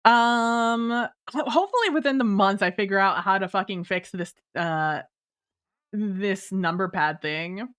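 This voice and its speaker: A woman's voice: mid-range voice, unhurried, a bit bright, clear, resonant tone. A woman livestreamer chatting casually with viewers at her home computer, laughing often and apologizing, with lots of fillers and restarts. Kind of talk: casual stream chat reading viewer messages.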